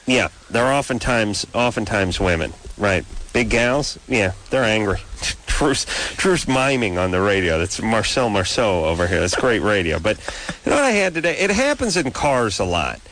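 A man's voice: on the low side, very animated, moderate pace, a bit bright, slight background noise. A male radio talk show host telling rambling, exasperated comic stories in a casual way, acting out both sides of exchanges.

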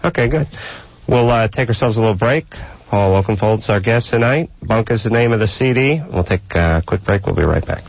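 A man hosts a radio talk show, tossing off wisecracks in easy banter. His voice sits a little low. The broadcast sounds dull and lo-fi. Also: animated, fairly quick, hardly any pauses. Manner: joking, wisecracking.

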